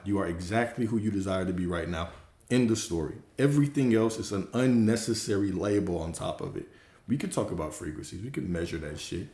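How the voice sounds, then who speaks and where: A man's voice: lowish voice, darkish tone. A man who works as a spiritual coach, giving a casual, emphatic livestream talk that repeats its points and swears freely. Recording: roomy echo.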